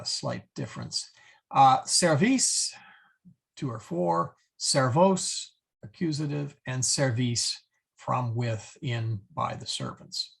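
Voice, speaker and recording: A man teaching a Latin class in a halting lecture, with many fillers and self-corrections. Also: mid-range voice, vocal fry, breathy edge.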